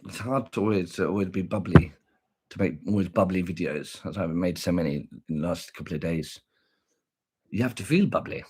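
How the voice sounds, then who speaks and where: A man's voice: sits low, a little fast, a little mellow, slightly rough. A man chatting casually on a livestream, playful and boastful, with teasing sing-song asides. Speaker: livestream vlogger.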